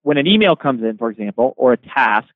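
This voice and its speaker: Guy on a phone-quality line, dry sound, energetic author explaining stuff. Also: mid-range voice, fairly quick, no echo. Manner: energetic storyteller, repeats words at starts. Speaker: author and guest. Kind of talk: interview answers.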